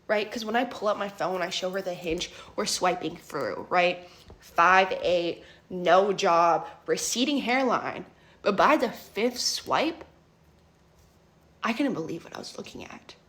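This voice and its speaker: A woman's voice: mid-range voice, measured pace, a bit bright. A woman in her twenties telling a dramatic story in a chatty vlog, often tagging her lines with "right?" and "okay?". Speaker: vlogger.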